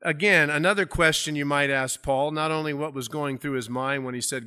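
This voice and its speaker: A male pastor delivering a teaching sermon, his voice sitting a little high for a man and ringing bright and forceful. He talks through the text in a conversational way, then lifts his voice and presses harder on the scripture he reads out. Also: normal speed, clear, resonant tone. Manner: conversational Bible teaching with rising emphasis on scripture readings. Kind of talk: expository sermon.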